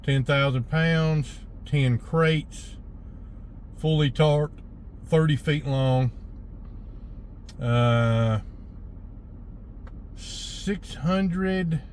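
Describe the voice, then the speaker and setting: Laid-back trucker, road noise behind. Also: male voice, fairly high pitch, drawn-out words, pauses often, a little mellow. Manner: laid-back drawl, thinking aloud with fillers. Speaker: hotshot truck driver. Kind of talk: casual trucking vlog. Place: truck cab by the roadside.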